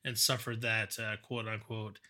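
A man's voice: lowish voice, flat delivery, normal speed, a crowd in the background. A man co-hosting a casual podcast chat, often restarting his sentences as he thinks. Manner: hesitant, repeats words while thinking. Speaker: podcast co-host.

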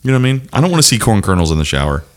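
A man co-hosting a podcast, trading crude jokes in casual banter with profane, lively delivery. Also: lowish voice, racing. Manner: profane, joking, animated. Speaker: podcast co-host.

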